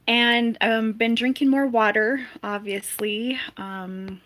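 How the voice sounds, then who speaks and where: A young woman chats casually with viewers on a live stream from home. Her voice sits a touch high and she talks at an unhurried pace. She giggles often and greets chatters by name. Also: fairly even intonation, a bit bright.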